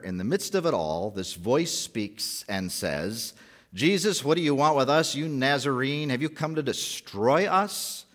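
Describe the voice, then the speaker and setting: A man's voice: lowish voice, a bit bright. A male pastor giving a conversational sermon, often posing rhetorical questions to the congregation.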